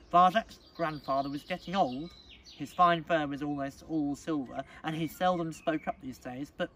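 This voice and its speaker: Expressive man reading a storybook, distant mic. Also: a little high. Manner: expressive, dramatic read-aloud. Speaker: teacher. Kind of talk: storybook reading at a school assembly. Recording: distant mic, faint background noise.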